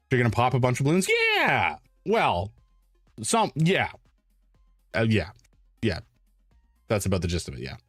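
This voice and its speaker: A man's voice: medium pitch, dry recording, clean studio sound. Rambling, playful male streamer. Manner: rambling, self-deprecating, playful. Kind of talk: casual live-stream chat.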